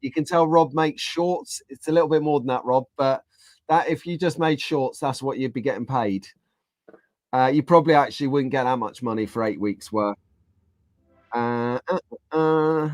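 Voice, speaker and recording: A man's voice: mid-range voice, normal speed, a little mellow, dry recording. A man hosting a casual live stream, reading out viewer comments and joking along with the chat. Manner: chatty, jokey, reads out viewer comments.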